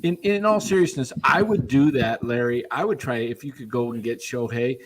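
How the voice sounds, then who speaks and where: A man's voice: medium pitch, normal speed, poor audio. A man co-hosting a casual sports chat, talking eagerly. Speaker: co-host.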